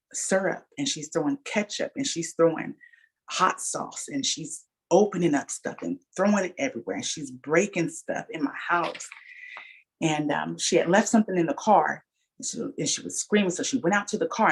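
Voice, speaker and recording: A woman's voice: low-pitched, gravelly, slightly rough. A middle-aged woman sharing a personal testimony as a guest speaker, telling her story earnestly and calling her listeners y'all.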